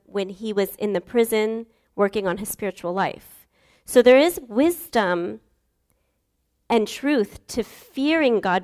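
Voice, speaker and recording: A woman's voice: on the high side, clear, resonant tone. A young woman giving a casual, earnest sermon, chatty and acting out Bible figures as she goes.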